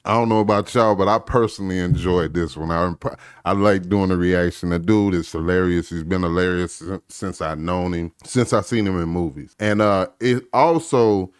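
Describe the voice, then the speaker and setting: Deep-voiced laid-back reaction host. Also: male voice, normal speed, hardly any pauses, clean tone, no room sound, studio quality. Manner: laid-back, conversational, slangy. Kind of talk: casual reaction commentary.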